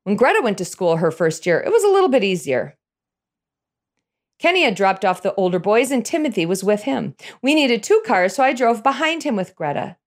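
A middle-aged woman telling a personal story in an animated way, chuckling as she goes. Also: mid-range voice, a little fast.

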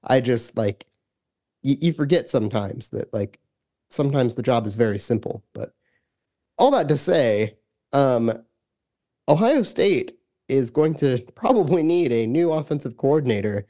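A man co-hosting a sports podcast, talking in halting, rambling sentences full of restarts. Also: mid-range voice, lively intonation, warm tone. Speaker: podcast co-host. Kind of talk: casual sports podcast chat.

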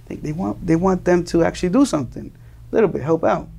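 Gravelly young man from Colombia. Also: high-pitched, quick pace, warm tone, a little hiss or hum. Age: young adult. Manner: earnest, repeats and restarts words while searching for phrasing. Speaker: interview guest. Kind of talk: earnest conversational storytelling.

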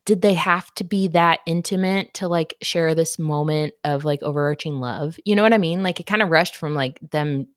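A woman's voice: low-pitched, normal speed, hardly any pauses, dry recording, studio quality. A woman co-hosting a casual book podcast, laughing often and getting emotional as she recaps the story. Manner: giggly, emotional, swears casually, reads passages aloud. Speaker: podcast co-host. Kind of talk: casual book-club chat.

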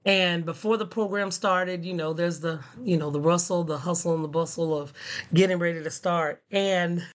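A woman teacher telling a funny classroom story in a playful, animated way, laughing often. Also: fairly low pitch. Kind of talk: casual storytelling.

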